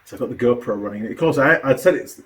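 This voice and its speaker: A man, a mechanic and video host, chatting and telling animated stories while building a kit. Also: mid-range voice, quick pace. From New Zealand. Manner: chatty, animated storyteller with a laugh. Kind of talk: casual chat while building a model kit.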